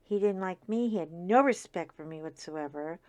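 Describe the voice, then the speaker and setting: A woman's voice: on the low side, moderate pace, dry recording. A middle-aged woman hosting a casual chat, telling a long story in a rambling way full of fillers and asides, sniffling from a stuffy nose. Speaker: host.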